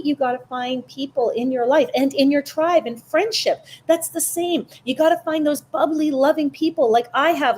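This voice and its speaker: A woman hosting a casual psychic live stream, animated and chatty, greeting viewers by name. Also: sits high, a little hiss or hum. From Canada. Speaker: psychic livestream host.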